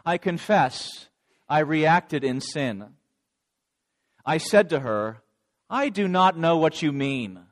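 A man's voice: a little high, animated, slow pace, long pauses. A man voicing a remorseful adult male disciple, telling of his denial in a dramatic first-person monologue.

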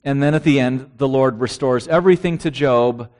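A man's voice: medium pitch, normal speed, a little mellow. A man preaching a sermon who reads out scripture verses and asks his listeners rhetorical questions.

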